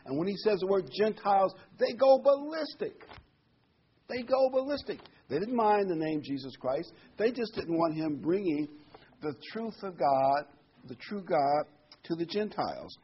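Husky man teaching from scripture. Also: a little high, lively intonation, normal speed. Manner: reads scripture aloud, then explains in casual asides. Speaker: Bible teacher. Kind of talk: Bible study sermon. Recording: dull lo-fi recording.

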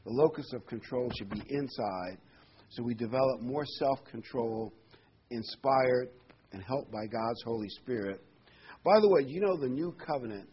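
Man preaching, conversational sermon, rhetorical questions, average pitch, slightly muffled recording, faint hiss. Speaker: pastor.

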